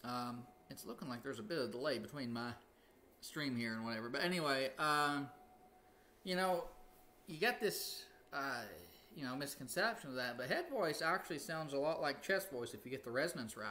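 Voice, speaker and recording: A man's voice: medium pitch, moderate pace, sharp tone, a little hiss or hum. A man teaching casually on a livestream, rambling and often breaking into sung demonstrations. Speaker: music teacher hosting a livestream.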